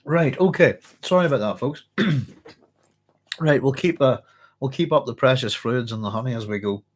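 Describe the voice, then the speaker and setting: A hoarse man hosting a book club, chatting casually and reading passages aloud with rambling self-corrections. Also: medium pitch, unhurried, pauses often. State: hoarse, clearing his throat.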